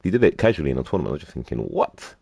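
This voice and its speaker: A man's voice: extremely low pitch, very animated, rapid-fire, gravelly, darkish tone, slightly rough, dry recording. A man casually commentating a fighting game tournament, teasing players and laughing often.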